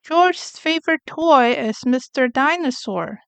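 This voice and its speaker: A woman reading a children's picture book aloud with slow, clear, gentle narration. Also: high-pitched, expressive, no room sound.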